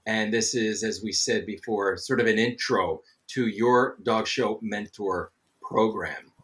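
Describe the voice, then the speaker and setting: A middle-aged man hosts a live online show with a bright, forward tone. He talks in a friendly, loose way, fills gaps with ums and greets viewers by name. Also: on the low side, measured pace. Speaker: show host. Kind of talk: live webcast host chat.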